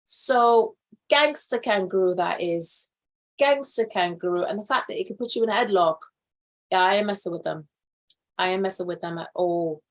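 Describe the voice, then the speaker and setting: A woman hosting a live animal news show, reading stories aloud and reacting to them in casual, animated commentary. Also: medium pitch, moderate pace. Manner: animated, reacts loudly then drops to quiet asides.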